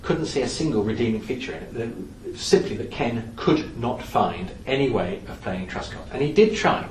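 A man giving a lively, anecdotal talk in a lecture-style storytelling manner. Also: mid-range voice, normal speed. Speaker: speaker on theatre history. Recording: echoey room from some distance, faint background noise.

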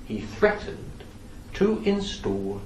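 A man's voice: sits high, very animated, slow, a little mellow. Man telling theatre stories in echoey room. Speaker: speaker on theatre history. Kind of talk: lecture-style storytelling. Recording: echoey room from some distance, faint background noise.

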